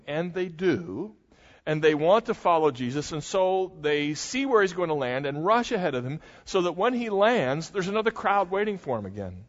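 A man preaching an expository sermon, conversational and explanatory, with dry asides. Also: fairly high pitch. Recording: dull sound with long hall reverb.

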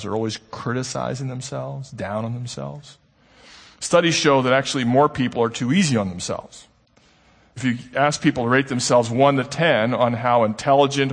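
Male pastor, sermon, conversational, rhetorical questions, mid-pitched voice, long hall reverb.

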